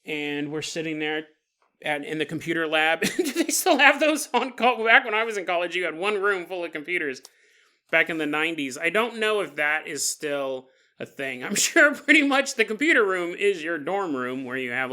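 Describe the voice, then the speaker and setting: A man's voice: a little high, moderate pace, clear, resonant tone. A man in his forties hosting a podcast, telling a paranormal story with jokes and silly put-on voices. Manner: jokey, animated, puts on silly voices for listeners. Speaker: podcast host.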